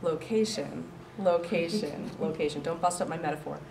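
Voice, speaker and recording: Woman presenter, animated and joking, low voice, heard from a distance in an echoey room. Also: normal speed, gravelly. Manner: chatty, joking, animated, laughs often. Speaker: coworking space director pitching to an audience. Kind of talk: lively presentation. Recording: roomy and distant with faint noise.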